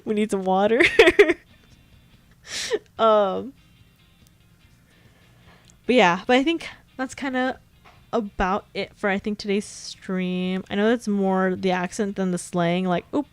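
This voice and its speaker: A woman's voice: mid-range voice, slow, pauses often, clean tone, dry recording, soft background music. A young woman with a Californian accent, rambling and giggling through a casual stream chat.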